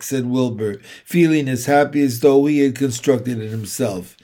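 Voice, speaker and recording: A man reading a children's novel aloud, with slow, measured storytelling. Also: mid-range voice, fairly even intonation, mellow. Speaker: reader.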